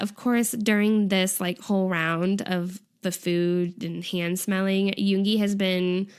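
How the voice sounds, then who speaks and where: A woman's voice: medium pitch, smooth. A young woman co-hosting a casual chat, retelling a show's events in a chatty way with frequent giggles and "like" fillers. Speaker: podcast co-host. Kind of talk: casual chat recapping a variety show.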